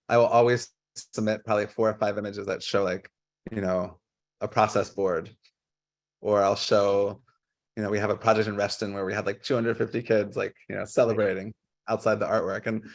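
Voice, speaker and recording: Gravelly low-voiced man, halting speech. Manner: halting, many fillers and restarts. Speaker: guest artist. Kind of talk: casual presentation on a video call.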